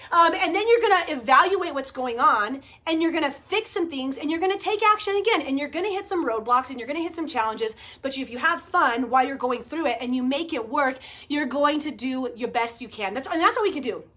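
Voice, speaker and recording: A woman in her forties chatting to her viewers, telling a story in an animated way, laughing and swearing casually. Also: high voice, fairly quick, hardly any pauses. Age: 40s. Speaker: vlogger. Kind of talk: casual chat to camera.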